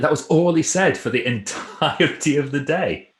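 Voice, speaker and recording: A man's voice: fairly high pitch, expressive, normal speed, roomy sound. A man, a presentation trainer and author, chatting casually and telling stories with a self-deprecating, rambling manner. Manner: self-deprecating, chatty storyteller with frequent restarts. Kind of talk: casual chat.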